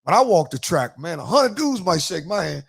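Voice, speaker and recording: A man's voice: fairly high pitch, big pitch swings, normal speed, vocal fry, slightly rough. A man hosting a podcast in a casual chat, telling loose, profane stories and acting out quotes. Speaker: podcast host.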